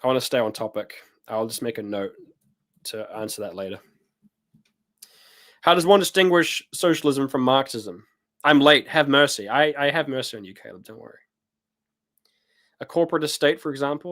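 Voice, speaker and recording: A New man hosts a laid-back live chat. His delivery is loose and teasing, full of fillers and self-corrections. His voice sits at an average pitch for a man. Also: animated, normal speed, pauses often, fairly bright tone. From New Zealand. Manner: loose, joking, with many fillers and restarts. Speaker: host. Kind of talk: casual livestream chat reading comments.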